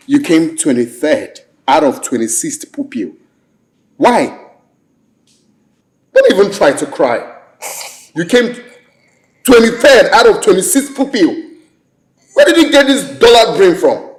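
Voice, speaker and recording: A man's voice: high-pitched, sing-song, unhurried, pauses often. An actor playing a stern, commanding king and father with a Nigerian accent in a film drama. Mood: scolding. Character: stern king, a father scolding and settling family quarrels.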